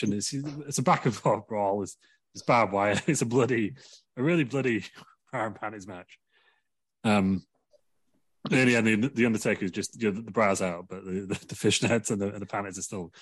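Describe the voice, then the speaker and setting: A man's voice: fairly low pitch, husky, no room sound. A man telling a rambling comic wrestling story, laughing through his own jokes. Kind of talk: comedic storytelling.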